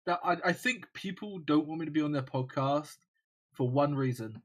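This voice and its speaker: A man co-hosting a casual gaming podcast, crude and swearing a lot, with loud mock outbursts. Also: a little high, normal speed. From United Kingdom.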